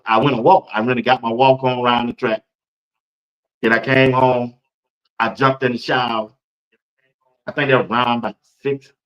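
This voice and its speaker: A man's voice: mid-range voice, a bit bright, highs cut off. A man, hosting a casual live-stream sports talk show, chatty and loose and speaking to viewers in the chat by name.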